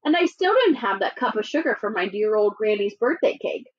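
A woman teacher voicing a sly, chatty male wolf as she reads a storybook aloud in a lively, playfully indignant way. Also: mid-range voice, a little fast, natural voice. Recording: dull lo-fi recording.

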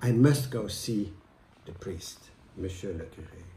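A man's voice: sits low, a little slow, warm tone, a little hiss or hum, voice pushed down. A man voicing a hot-tempered, frightened husband who talks in an agitated, stammering way. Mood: panicked. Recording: echoey room.

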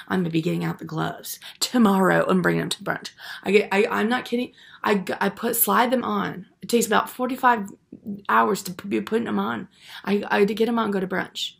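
A man's voice: sits high, vocal fry, fairly bright tone, exaggerated voice. A man playing a vain, self-absorbed young woman in a comedy monologue, rambling and self-pitying with garbled grammar.

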